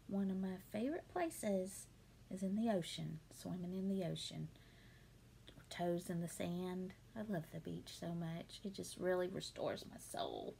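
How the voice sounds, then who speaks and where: A woman's voice: fairly low pitch, unhurried, creaky, slight background noise. A woman, chatting casually at home as she answers viewer questions, with lots of ums and small laughs. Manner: chatty, warm-hearted, many ums and laughs. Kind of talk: casual Q&A chat.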